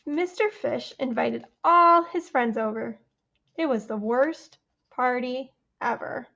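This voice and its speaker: Animated woman reading a storytime book. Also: high-pitched, slow pace, creaky, muffled recording. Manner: animated, chatty, asks children questions. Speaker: children's librarian. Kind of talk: storytime read-aloud for children.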